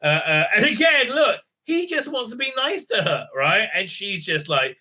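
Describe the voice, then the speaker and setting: A middle-aged man talks through a TV episode in loose, rambling sentences, swearing freely and checking in with "right?". His voice sits a little high and comes across bright and forceful. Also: big pitch swings, moderate pace. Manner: rambling, profane, keeps asking "right?". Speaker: TV show reviewer. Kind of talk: casual spoken recap.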